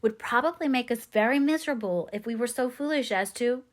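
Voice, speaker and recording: A woman's voice: a little high, fairly quick, pitched above the performer's own voice, lightly acted. A woman voicing a spirited young woman who speaks earnestly and firmly in an audiobook reading. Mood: earnest, remorseful. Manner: earnest, gently firm.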